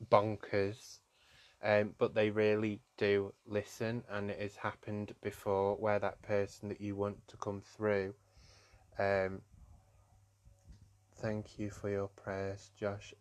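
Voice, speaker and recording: A low-pitched man talks slowly and tenderly as a psychic medium in a live-streamed tarot reading. He sounds gentle and emotional, and he fondly calls his viewers darling. The dry, close sound has no room echo. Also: smooth. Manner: gently emotional, soft-spoken.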